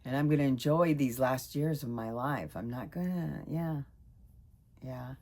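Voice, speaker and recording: A low, gravelly-voiced woman in her sixties talks through a personal vlog update. She rambles and gets emotional, and her voice climbs high when she gets excited. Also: a little slow. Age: 60s. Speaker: vlogger.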